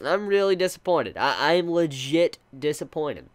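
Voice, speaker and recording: An anime reviewer talks through a casual video rant in a pitch that swings wide, jumping between disbelieving questions and low, deflated remarks. The delivery is exasperated and repetitive, with stammered restarts and repeated words. The voice sits at a middle pitch. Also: lively intonation, a little slow. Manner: restarts and stammers while thinking aloud.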